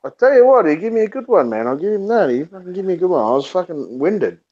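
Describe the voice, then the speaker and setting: A man hosts a casual live stream, swearing freely as he tells his stories. His voice sits a little high and swings widely in pitch. The audio is somewhat dull and lo-fi. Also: quick pace. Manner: profane storytelling, animated. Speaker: live show host.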